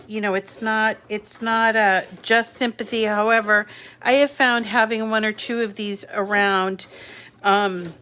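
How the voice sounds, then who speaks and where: A woman's voice: fairly high pitch, fairly bright tone. A middle-aged woman hosting a casual live crafting chat from home, chatty and rambling with many fillers. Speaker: crafting channel host. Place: home craft room with dogs and a squeaky toy.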